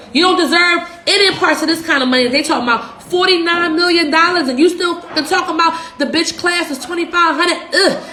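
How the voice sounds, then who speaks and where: A young woman in Philadelphia, a social media business coach, goes on a profane, fired-up livestream rant full of rhetorical questions. Her voice is extremely high, bright and forceful, echoing around the room.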